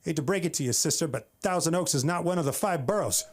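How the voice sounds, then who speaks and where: A man's voice: on the high side, fast talker. A man from the Bay Area, doing a wry, exasperated open-mic stand-up set on a comedy club stage. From San Francisco Bay Area. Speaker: stand-up comic.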